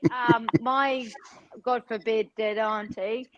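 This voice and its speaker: A woman's voice: on the high side, steady tone, slow pace, no room sound, lo-fi sound. Chatty English woman co-host. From England. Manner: chatty, swears, laughs easily. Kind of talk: casual online chat.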